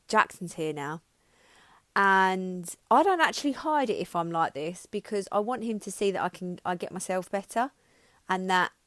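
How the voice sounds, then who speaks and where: A woman's voice: lowish voice, no room sound. A woman in her thirties hosting a podcast, speaking frankly and emotionally about her own life, with frequent restarts and some swearing. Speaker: podcast host. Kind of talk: candid personal monologue.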